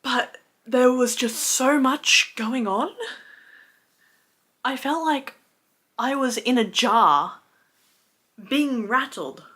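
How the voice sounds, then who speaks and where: Bright, animated young woman recapping books. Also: high voice, very slow, long pauses. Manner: animated, exasperated, swears often. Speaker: book reviewer. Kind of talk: casual book recap.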